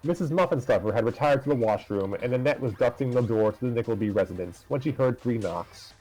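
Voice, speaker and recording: A man narrating a fan story aloud in a steady, laid-back way. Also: mid-range voice, a little fast, faint music behind, low-quality recording.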